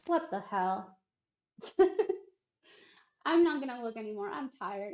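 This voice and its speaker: A woman's voice: fairly high pitch, expressive, a little slow, long pauses. A woman streamer chatting casually in a rambling, self-deprecating, wry way. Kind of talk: casual livestream chat. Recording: roomy, muffled stream audio.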